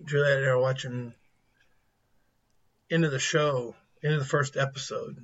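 A man in his thirties casually telling animated stories about his family, acting out their lines. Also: medium pitch, normal speed. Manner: animated anecdotes, acts out family quotes. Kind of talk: casual storytelling chat. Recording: lo-fi muffled audio.

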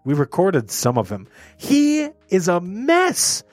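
A man hosting a podcast, telling stories in casual chat with an animated, swearing manner. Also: high-pitched, slow, no room sound, soft background music. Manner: animated, swearing, laughing, acting out quotes. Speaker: podcast host.

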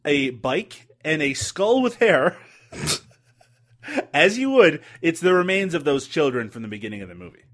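Giggly, lively-voiced man reviewing movies. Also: a little high, a little slow. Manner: laughs often, swears, jokey. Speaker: movie review podcast co-host. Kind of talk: casual movie commentary chat.

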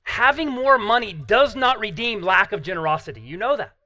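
High-voiced, bright male preacher. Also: expressive, fairly quick, no room sound. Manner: earnest, emphatic preaching with rhetorical questions. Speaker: pastor. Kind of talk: sermon.

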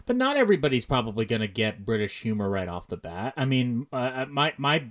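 A man's voice: mid-range voice, sing-song, a little fast, a bit bright. An American man with an ordinary mid-range voice talks through film history on a podcast. His delivery is loose and digressive. He keeps circling back and restarting his sentences as he works out what he means. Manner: digressive, thinks aloud with many restarts. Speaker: podcast co-host. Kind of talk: casual film podcast chat.

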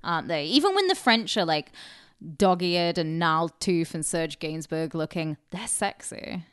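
A woman, co-hosting a podcast in sweary, animated casual chat. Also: lowish voice, normal speed, clear, resonant tone, no echo, clean studio sound. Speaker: podcast co-host.

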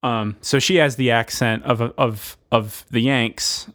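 A man co-hosting a casual podcast, spinning a story as he goes. He rambles with lots of fillers and restarts, in a playful tone at an ordinary middle pitch. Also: steady tone, takes it slowly, fairly bright tone. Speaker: podcast co-host. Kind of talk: casual chat, improvised movie pitch.

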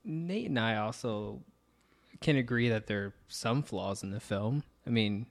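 A man's voice: fairly low pitch, animated, measured pace, gravelly. Easygoing man hosting a podcast. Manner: easygoing, steers the talk, thinks aloud. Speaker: podcast host. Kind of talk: casual podcast chat.

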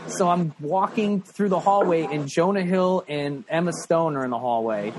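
High-voiced man telling a story. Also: normal speed, crowd noise. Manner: animated, profane, laughs often, acts out the people in his story. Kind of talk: casual storytelling.

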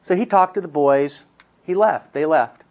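On the high side and at a moderate pace, a middle-aged man teaches counselors through an earnest family story. He goes from hushed to emphatic, and the sound is lo-fi.

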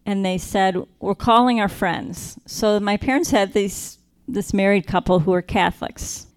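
A woman sharing a personal faith testimony, earnest and reflective, slowing down to stress key moments. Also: mid-range voice, clean tone. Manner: earnest, reflective, slows down for emphasis.

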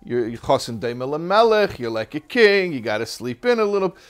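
A man's voice: fairly high pitch, very animated, brisk, smooth. A man voicing the evil inclination as a soothing, persuasive inner voice that tempts a groom to stay in bed. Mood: coaxing. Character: coaxing inner tempter urging a groom to sleep in.

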